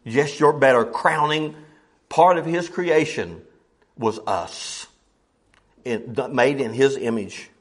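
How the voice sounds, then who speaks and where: A middle-aged man preaching a folksy sermon, quoting scripture in old wording and swinging from loud highs to low murmurs. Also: animated, slow pace, pauses often, slightly rough.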